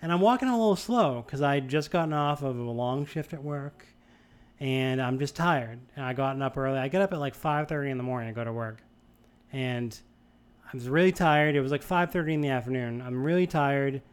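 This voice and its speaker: A young man from the Boston area telling a long anecdote in casual chat, rambling and animated, with many restarts. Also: mid-range voice, fairly quick, clean tone. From Boston area, USA.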